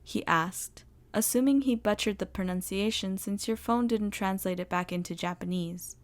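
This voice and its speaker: A woman with a mid-range voice reads a story aloud in the second person. Her narration is expressive and animated. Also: mid-range voice, moderate pace. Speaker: story reader. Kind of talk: fan fiction audio narration.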